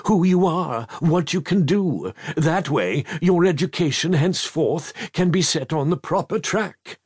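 Poised old dowager for a storybook, voiced by a man, raised in pitch, husky, teasing and precise. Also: expressive, unhurried, a little mellow. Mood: calm, teasing. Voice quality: mild, precise, lightly teasing. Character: elegant, dry-witted elderly aristocratic great-aunt.

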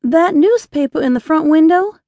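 A woman reading an audiobook, voicing an eager, impulsive young Southern woman in a slightly higher, earnest voice. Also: lively intonation, moderate pace, dark tone, no room sound, highs cut off.

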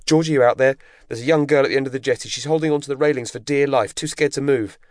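A man voicing an impatient young female coastguard officer, shrill and urgent as she shouts. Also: quick pace, no room sound, clean studio sound, lightly acted.

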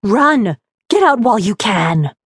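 A woman's voice: medium pitch, big pitch swings, a little slow, slightly rough, no echo, clean studio sound, pitched above the performer's own voice. A woman voicing a hostile middle-aged female ghost. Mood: urgent. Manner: spits out cold hostile warnings.

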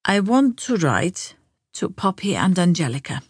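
Brief: woman reading as a stubborn, frail grandmother of ninety; flat, unhurried delivery. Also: mid-range voice, dry recording, clean studio sound. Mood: blunt, determined. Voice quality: flat, slow, deliberate. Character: blunt, frail ninety-year-old grandmother.

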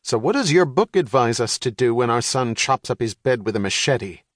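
An excitable middle-aged father who talks in a brisk, sarcastic way, put on by an audiobook narrator. He pushes his lines with impatience. The sound is dry, with no room. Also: medium pitch, no echo, close to an everyday voice. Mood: brusque.

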